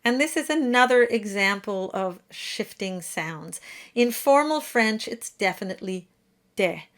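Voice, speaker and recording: A woman giving a pronunciation lesson for singers, demonstrating each sound slowly and precisely. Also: fairly high pitch, lively intonation, a bit bright. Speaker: diction teacher. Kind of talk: pronunciation tutorial.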